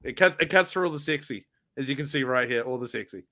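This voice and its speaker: A man's voice: medium pitch, quick pace, bright, forceful tone. A man from New Zealand with a New Zealand accent, rambling jokily and laughing often as a guest in a casual chat.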